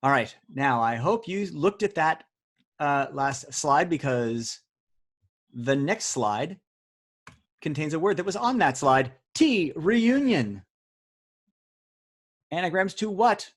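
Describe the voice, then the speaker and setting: Joking man hosting a quiz. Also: a little high. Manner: joking, teasing, chatty. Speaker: quiz host. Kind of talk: hosting a live online word quiz. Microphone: video call audio.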